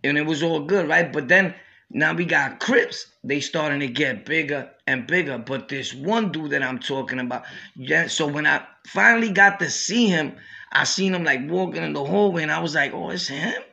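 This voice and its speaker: Gravelly New York man telling stories. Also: fairly high pitch, normal speed, bright, forceful tone, dull audio. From Brooklyn, New York. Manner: streetwise slang, repeats "you know what I'm saying". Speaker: podcast host. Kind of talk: storytelling.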